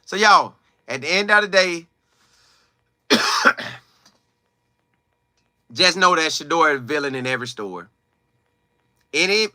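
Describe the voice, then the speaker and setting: Male sports vlogger, bright forceful voice, dry close sound, animated and emphatic. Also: a little high, no room sound. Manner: animated, emphatic, slangy storytelling. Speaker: sports commentator. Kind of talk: casual commentary vlog.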